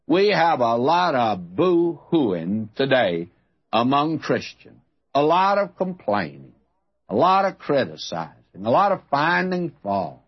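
A male Bible teacher preaching verse by verse in a slow, husky voice. His pitch rises and falls a lot as he stresses and repeats key phrases. The sound is dull and lo-fi, like an old broadcast tape. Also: very animated.

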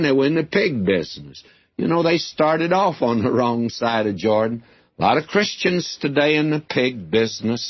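A man's voice: medium pitch, slightly rough, dry recording. A man teaching the Bible in a folksy, conversational sermon, talking straight to his listeners. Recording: dull, lo-fi dry recording.

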